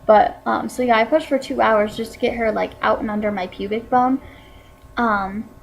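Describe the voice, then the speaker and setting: A woman's voice: on the high side, fairly even intonation, moderate pace, creaky, rough recording. A teenage woman vlogger telling a personal story in a casual, chatty way, full of "like" and "um" fillers. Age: teens.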